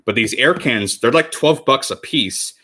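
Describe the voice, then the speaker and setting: A man's voice: mid-range voice, animated, unhurried, pushed and bright, a little hiss or hum. A man in his twenties talking casually on a livestream while crafting, rambling and correcting himself as he chats with viewers. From United States. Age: 20s. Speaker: cosplay livestreamer.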